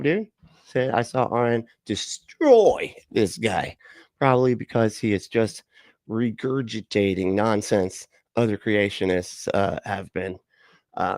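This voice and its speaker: Laid-back sarcastic livestream host. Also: male voice, lowish voice, darkish tone, dry recording. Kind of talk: casual livestream reaction chat.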